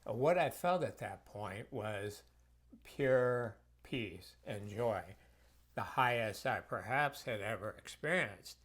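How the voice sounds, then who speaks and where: A man's voice: mid-range voice, slow, fairly bright tone. A man who works as a health practitioner, telling reflective personal stories in a conversational way for a course video.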